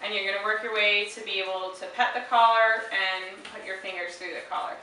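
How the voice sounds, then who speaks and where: A woman dog trainer calmly explaining a handling exercise and stopping often to praise the dog in a high, chirpy voice. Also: brisk. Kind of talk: instructional demonstration. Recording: very echoey room, mic far off, faint hiss.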